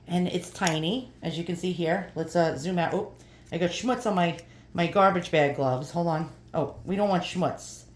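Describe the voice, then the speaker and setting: A woman's voice: lowish voice, moderate pace, reverberant. A woman in her fifties chatting casually as she shows items from an online haul, thinking aloud while she peers at small print. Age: 50s. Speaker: vlogger showing an online haul.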